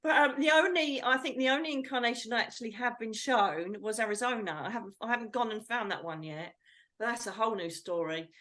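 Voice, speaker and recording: Animated English woman telling a story. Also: on the high side, a little fast. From England. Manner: animated, acts out her own quoted lines. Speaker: psychic medium guest. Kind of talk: storytelling in an interview.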